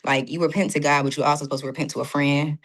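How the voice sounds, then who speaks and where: Woman, podcast guest, low voice, quick delivery, animated, plays out her inner dialogue. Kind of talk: casual faith conversation.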